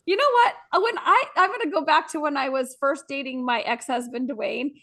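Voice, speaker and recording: High-voiced laughing female radio host. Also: fairly quick. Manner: lively, laughs often. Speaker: morning show co-host. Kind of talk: casual radio banter.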